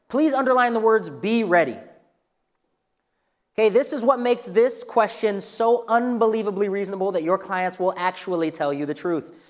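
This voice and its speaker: A man teaching a live real estate workshop in an energetic, coaching way, asking the room questions. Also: high voice, a little fast. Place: training room with a live audience. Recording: long reverb of a hall.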